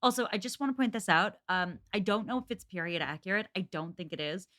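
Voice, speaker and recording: A woman's voice: medium pitch, fast, a bit bright. A woman co-hosting a podcast, telling stories in casual, chatty conversation. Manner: chatty, storytelling. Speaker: podcast co-host. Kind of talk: casual chat.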